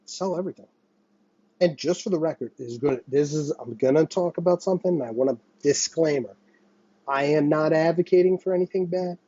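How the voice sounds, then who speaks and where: A man's voice: on the high side, brisk, dark tone, no room sound, lo-fi sound. A man in his thirties from the United States, hosting his channel with an agitated, profane monologue that circles back on itself. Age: 30s. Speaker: channel host. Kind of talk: ranting monologue to camera.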